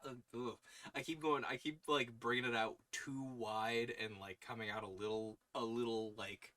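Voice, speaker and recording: A man's voice: mid-range voice, fairly even intonation, measured pace, long pauses, sharp tone. A young man with a Long Island accent, hosting a casual livestream, laughing often while trying out accents. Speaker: podcast host.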